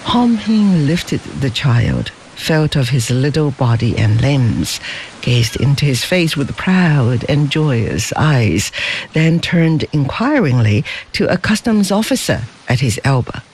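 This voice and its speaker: Man reading a story with lively pitch. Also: slow, a little hiss or hum. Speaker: narrator. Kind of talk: scripted storybook narration.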